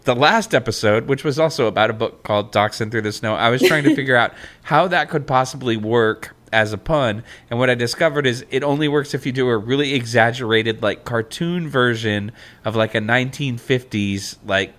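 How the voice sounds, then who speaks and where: Bright-voiced joking podcast host. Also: male voice, medium pitch, fairly quick, hardly any pauses. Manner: jokey, laughing often, reads passages aloud. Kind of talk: casual podcast chat.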